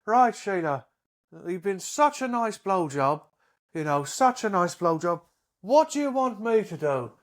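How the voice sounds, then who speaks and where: A man putting on a rough Irish accent to voice an old husband in a joke. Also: high voice, sing-song, measured pace, voice pushed up. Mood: coaxing. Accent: put-on Irish. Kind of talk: joke telling.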